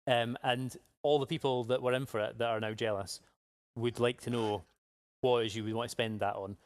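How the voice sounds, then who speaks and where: A man's voice: medium pitch, steady tone, brisk, dry recording, clean studio sound. Upbeat man hosting a live draw. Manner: chatty, upbeat, jokey. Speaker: giveaway live draw host. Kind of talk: casual live-stream chat.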